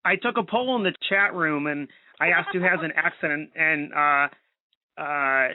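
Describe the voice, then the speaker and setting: A man's voice: on the high side, a little slow, no echo. A man from Cleveland hosting a radio chat, joking and self-deprecating. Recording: tinny dry radio line.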